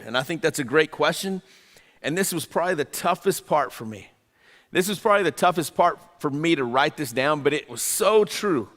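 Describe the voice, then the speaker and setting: Conversational pastor in a reverberant hall. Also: male voice, medium pitch, fairly bright tone. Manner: conversational, repeats phrases, acts out imagined voices. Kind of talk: sermon.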